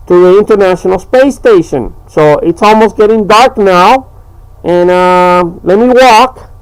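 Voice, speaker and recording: A man's voice: high voice, smooth, poor audio. A man talking in a rambling, hesitant way, full of fillers, in a casual home vlog. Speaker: home video maker.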